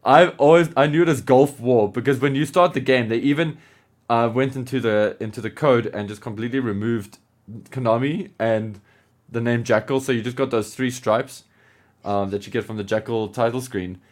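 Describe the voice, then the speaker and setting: A man co-hosting a podcast in an animated, casual way, laughing as he goes and scattering filler words. His voice sits at a middling pitch. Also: normal speed. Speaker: podcast co-host.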